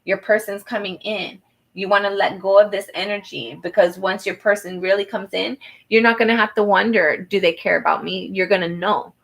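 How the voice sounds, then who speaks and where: A woman's voice: mid-range voice, fairly even intonation, normal speed, creaky, fairly bright tone, low-quality recording. A woman doing a personal tarot reading who talks to the viewer in an earnest, encouraging way, with many fillers and restarts. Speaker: tarot reader.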